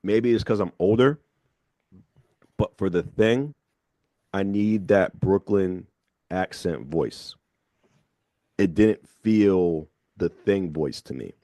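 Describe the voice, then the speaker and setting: A man hosting a radio show, talking in a measured, thoughtful way and slowing down to stress his points. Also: deep voice, warm tone, dry recording. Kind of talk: casual radio chat. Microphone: studio microphone.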